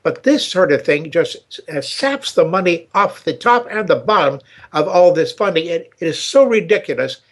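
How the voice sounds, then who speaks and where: An older man hosting a podcast, talking casually and telling a joke with halting repetitions. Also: on the high side, expressive. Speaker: show host.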